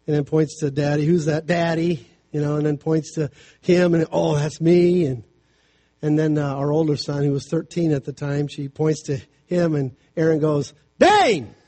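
A man's voice: on the high side, level tone, mellow. A middle-aged man preaching a sermon as a family counselor, mixing scripture with homely stories in a conversational way. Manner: conversational, storytelling preaching with quick asides.

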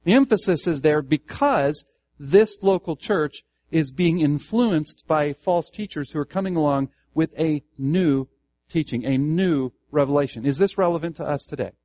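A man's voice: on the high side, expressive, normal speed, warm tone, no echo. A man teaching Scripture to a church group, earnest, restarting phrases and putting questions to the room. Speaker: Bible teacher. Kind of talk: Bible study teaching to a congregation.

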